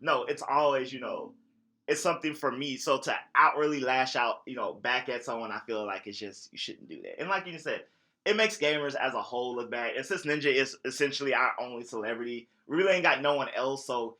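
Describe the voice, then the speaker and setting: Man, podcast co-host, casual earnest chat, bright forceful voice, mid-range pitch, lots of "you know". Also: a little fast.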